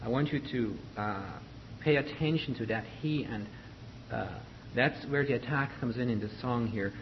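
A man coaches a choir through rehearsal in a patient, instructive way, often pausing mid-phrase to find his words. The recording is dull and lo-fi, with a faint hiss underneath. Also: mid-range voice. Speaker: choir director.

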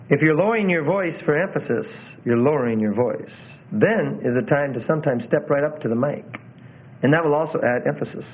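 A man teaching preachers how to deliver a sermon, in a loose conversational way, often doubling back on his words. His voice sits a bit high for a man. The sound is thin and narrow, like it is coming through a phone. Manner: conversational, repeats phrases, self-corrects. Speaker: preaching instructor. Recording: tinny phone-like audio.

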